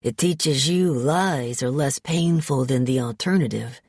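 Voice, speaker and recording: A woman voicing a brooding, ruthless young mafia heir with a New Jersey accent, speaking in a low, slow, menacing drawl. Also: darkish tone, no echo, clean studio sound, heavily acted. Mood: teasing, cool.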